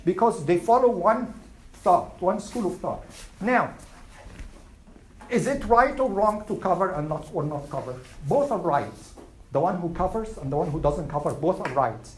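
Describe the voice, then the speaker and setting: A woman teaching a Quran class, asking her students questions and reciting Arabic verses quickly. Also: fairly low pitch, animated, a little mellow, slight background noise, poor audio. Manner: asks the class questions and answers them. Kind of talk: classroom lesson.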